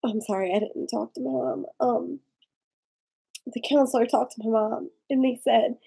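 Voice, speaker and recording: A woman vlogger telling a personal story in a rambling, halting way, tipsy and tearful. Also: a little high, steady tone, vocal fry, mellow, husky, rough recording. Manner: rambling, halting, with frequent fillers and swearing. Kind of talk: casual confessional storytelling.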